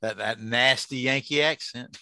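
A man's voice: medium pitch, measured pace, sharp tone, dry recording. A man, teaching a casual Bible study to an online group. He jokes and asks the group questions.

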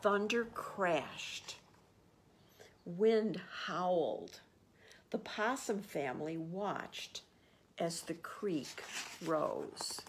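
A woman, a children's librarian, reading a picture book aloud and gently explaining words and pictures to children. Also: fairly low pitch, expressive, drawn-out words, long pauses, a little hiss or hum.

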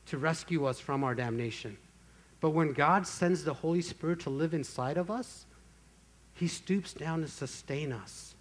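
Earnest preaching man, slightly high voice. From Texas, USA. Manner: earnest preaching with slow emphatic phrases and rising intensity. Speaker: pastor. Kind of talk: sermon.

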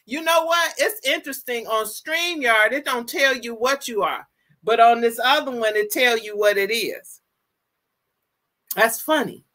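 A woman in her fifties hosting a casual live stream, greeting viewers with exuberant shouts and drawn-out, playful calls. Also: on the high side. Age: 50s. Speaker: livestream host.

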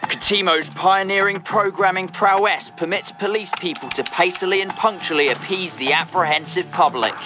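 A man's voice: sits high, moderate pace, few pauses. A man narrating a mock documentary in a punchy, alliterative style. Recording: music bed behind voice.

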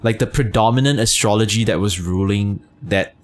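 A man's voice: on the low side, moderate pace. A man streaming a game, chatting casually with his chat, teasing, full of fillers and swearing. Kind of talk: casual gameplay commentary, reading chat.

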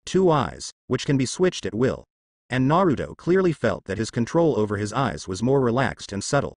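A man narrating a story in an even reading with stilted phrasing. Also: medium pitch, brisk, no echo, studio quality.

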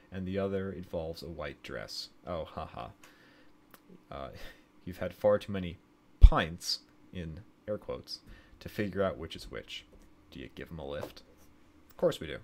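Deep-voiced man reading game text. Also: a little hiss or hum. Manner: stumbling reading with self-corrections and asides. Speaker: streamer.

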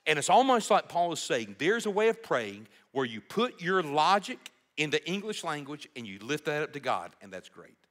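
Guy preaching, bright voice, pitch all over the place, lots of emphasis. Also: normal speed, hardly any pauses. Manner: animated, emphatic preaching with rhetorical questions. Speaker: pastor. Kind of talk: sermon.

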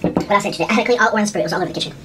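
Eating and talking at home in a relaxed mukbang, this vlogger keeps up chatty commentary punctuated by little hums and "ooh" sounds between mouthfuls. She speaks rapid-fire in a mid-range voice, with background noise audible.

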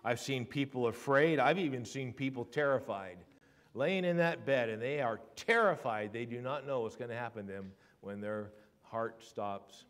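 A man preaching a sermon in a church. He swings from hushed to loud and leans on rhetorical questions and repetition. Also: mid-range voice, normal speed. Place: church sanctuary.

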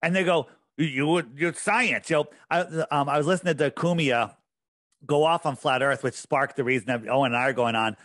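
A man's voice: medium pitch, a little fast, fairly bright tone, no echo, clean studio sound. A man speaking as a podcast guest in casual chat, insistent and emphatic, often repeating himself.

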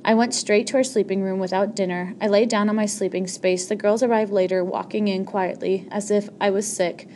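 A woman's voice: medium pitch, steady tone, a little fast, hardly any pauses, darkish tone, a little hiss or hum. A woman narrating an audiobook chapter in the first person, reading steadily with a few small slips.

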